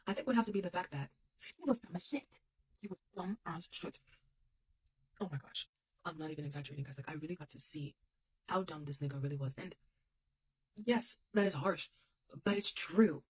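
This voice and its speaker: A woman rattles through a story from her own life at a quick clip. Her voice is husky. She talks bluntly, swears freely and repeats her punchlines for emphasis. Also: low-pitched, darkish tone, poor audio. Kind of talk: casual storytime monologue.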